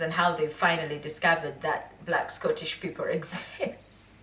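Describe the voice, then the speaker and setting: A young woman vlogging casual commentary, lively and laughing, breaking into high mimicking voices. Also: unhurried, hardly any pauses, far from the mic. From England. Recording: echoey room, voice off-mic.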